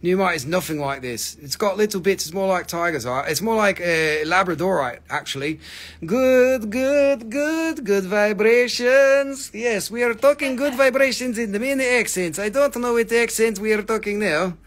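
A man's voice: a little high, lively intonation, moderate pace, a bit bright. A man putting on a playful mock accent, joking and teasing as he sells.

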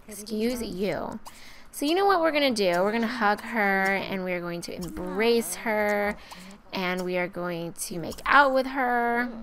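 Chatty, excitable young woman gamer. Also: mid-range voice. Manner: chatty and excitable, talks to the game characters. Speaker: let's play host. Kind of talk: casual gameplay commentary.

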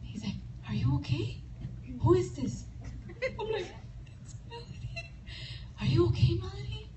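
Animated high-voiced woman giving a testimony. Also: normal speed. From Chicago. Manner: animated storytelling, laughing and tearful, acting out dialogue. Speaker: speaker at a women's retreat. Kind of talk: testimony sermon. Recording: echoey room from far off with noise.

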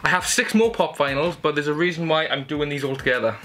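At home, a chatty, enthusiastic young man shows off his Christmas gifts in a casual haul video, with music playing under his voice. He speaks fast in a fairly high, fairly bright voice.

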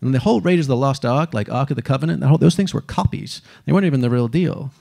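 A man giving a lively stage talk, animated and casual, cursing now and then and acting out the people he quotes. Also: mid-range voice, rapid-fire, gravelly. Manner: animated, swearing, acts out quotes. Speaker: speaker.

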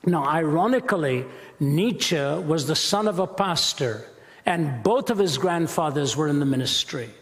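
Brief: emphatic male apologist, slightly high voice with gravelly fry, echoey hall. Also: animated, measured pace. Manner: passionate, emphatic, rhetorical. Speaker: Christian apologist speaker. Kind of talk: lecture-style sermon.

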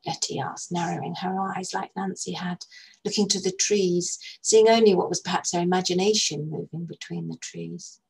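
A woman reads a literary short story aloud, gentle and measured. Her voice sits low and carries a soft husky grain. The narration flows calmly between the characters' lines. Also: rough recording. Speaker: narrator, actress reading a story.

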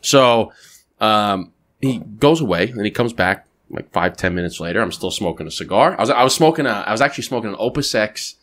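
A man hosts a casual podcast and spins a story with a lively voice that climbs and falls through every sentence. He swears freely and keeps the tale moving with quick asides. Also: fairly low pitch. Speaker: podcast host.

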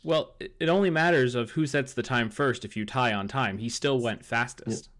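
A man's voice: medium pitch, moderate pace, fairly bright tone. A man co-hosting a podcast in casual chat, opinionated, often restarting his sentences. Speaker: podcast co-host.

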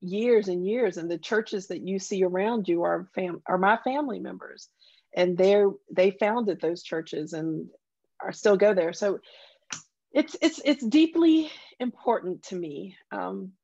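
Speaking a little slowly with vocal fry, a woman from the Southern US countryside shares personal stories as a guest in a conversational interview, earnest and heartfelt. Her Southern-accented voice is medium in pitch and a little mellow. The recording has no echo but sounds muffled.

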